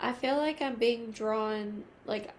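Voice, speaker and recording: Female tarot reader, gentle and emotional, comforting tone, slight background noise. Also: a little high. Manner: soft, emotional, reassuring, slow at card pulls. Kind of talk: intimate tarot reading to camera.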